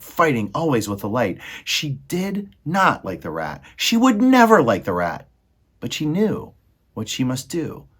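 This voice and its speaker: A man's voice: medium pitch, husky. A man reading a children's novel aloud with expression and speaking directly to his viewers. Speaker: storybook reader.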